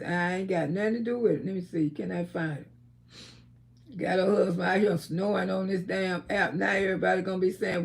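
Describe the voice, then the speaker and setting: A woman hosting a live stream, talking casually and trash-talking loudly, with frequent laughter. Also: mid-range voice, gravelly.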